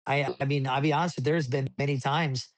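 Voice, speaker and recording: A man telling racing stories in a casual interview, rambling with many restarts and getting animated as he recounts events. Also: medium pitch, fairly quick, no echo. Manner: rambling with frequent restarts, animated when retelling. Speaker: desert racing driver, podcast guest.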